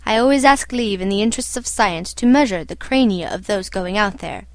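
A woman reading the lines of a calm, imperturbable little old doctor in a storybook, matter-of-fact in tone. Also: mid-range voice, fairly quick, no room sound, lightly acted. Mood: calm, clinical.

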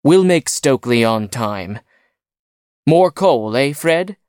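A gruff old-style train engineer, as a man reads him, clipped and matter-of-fact, dropping words as he talks. Slow and close, in a dry space with no room sound. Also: medium pitch, lively intonation, a little mellow, no room sound. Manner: clipped, drops words, colloquial.

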